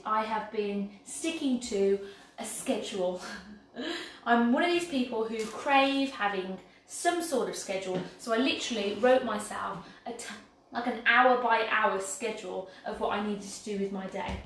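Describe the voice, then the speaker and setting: A woman's voice: mid-range voice, a little slow, fairly bright tone. A bubbly, chatty woman from England hosting a home baking livestream, cheerful and self-mocking. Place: home kitchen. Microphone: laptop mic from across the room. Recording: very echoey room, far from mic, faint background noise.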